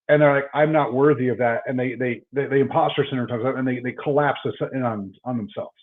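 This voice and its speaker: A man's voice: medium pitch, steady tone, fast, few pauses. Man on a tinny phone-like line. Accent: Texan. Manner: storytelling, many repeated word starts. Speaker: chiropractor guest. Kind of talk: casual podcast conversation.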